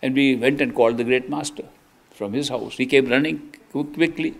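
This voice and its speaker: A man's voice: medium pitch, moderate pace, gravelly. An older man giving an earnest sermon as a spiritual teacher, telling stories with emphatic restarts. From India. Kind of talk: storytelling sermon.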